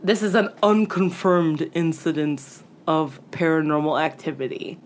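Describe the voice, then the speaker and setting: A woman's voice: low-pitched, steady tone, unhurried, slight background noise. A woman casually telling ghost stories on a podcast, chatty and full of "like", acting out what people said. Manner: chatty, lots of "like", acts out quoted lines. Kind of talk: casual storytelling chat.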